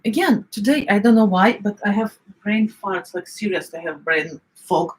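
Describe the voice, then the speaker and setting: A woman's voice: mid-range voice, normal speed, rough recording. Middle-aged woman, eastern european accent, casual cooking chat, lots of ums while she looks for words. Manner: chatty, searching for words, many fillers. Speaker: home cook.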